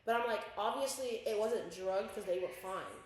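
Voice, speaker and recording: A young woman telling a wild story on a home podcast, swearing freely and acting out what she and others said. Her voice sits at a middle pitch and rings in a very echoey room. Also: moderate pace. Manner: profane, vivid storyteller who acts out her own quotes. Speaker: podcast co-host. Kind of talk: casual storytelling chat.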